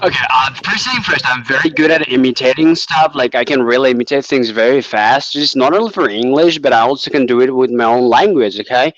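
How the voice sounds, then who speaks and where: A man's voice: medium pitch, a little fast, hardly any pauses, a bit bright, muffled recording. A man from Bangladesh with a Bangladeshi accent, a guest chatting casually with many fillers and restarts over a video call. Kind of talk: casual chat.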